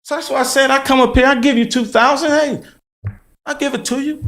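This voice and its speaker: A man's voice: very high-pitched, steady tone, brisk, fairly bright tone. A man appealing before a city board, insistent and argumentative, repeating himself as he testifies. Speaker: appellant at a board hearing. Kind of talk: heated testimony. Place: city council chamber. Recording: echoey council chamber.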